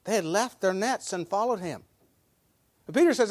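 A man preaching a sermon as pastor, folksy, swinging between loud emphasis and quiet asides. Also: high voice, lively intonation, a little fast, dry recording.

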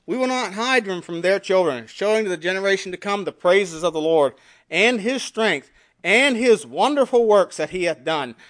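A male pastor preaching a sermon, reading scripture aloud and swinging between emphatic rises and quiet, dropped endings. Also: high-pitched, animated, normal speed. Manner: preaching with scripture readings in King James wording.

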